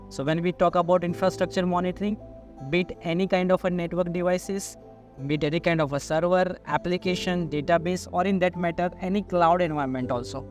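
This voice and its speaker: A man with a fairly high voice answers interview questions as a sales manager. He explains at length, stringing lists of items together with "so". Soft music plays quietly underneath. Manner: explanatory, long listing sentences strung with "so".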